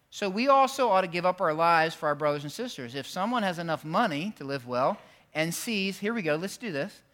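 Animated man preaching a sermon, bright voice. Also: on the high side. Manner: animated preaching, voice swings from loud peaks to quiet intensity. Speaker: pastor. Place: church.

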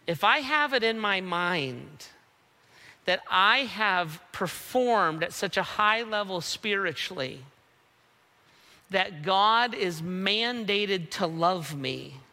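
Brief: male pastor with a conversational sermon style, high voice, long hall reverb. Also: lively intonation, takes it slowly, bright, forceful tone. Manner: conversational, keeps asking "right?".

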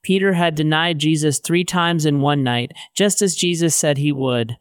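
A man's voice: on the high side, normal speed, clean tone, no echo. A man narrating a Bible story in a conversational way with modern paraphrases, on a close studio mic.

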